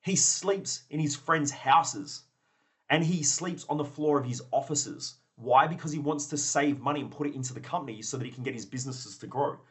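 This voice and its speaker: A man's voice: medium pitch, normal speed, fairly bright tone. A man hosting a motivational podcast, blunt and profane, acting out both sides of imagined conversations. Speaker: podcast host.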